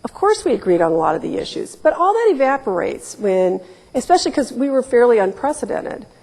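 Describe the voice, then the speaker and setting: In a slightly high, gravelly, darkish voice with a sing-song rhythm, a woman in her forties from Ohio briskly tells wry, candid stories. Emphatic quoted asides dot her public talk, recorded in a reverberant lecture hall.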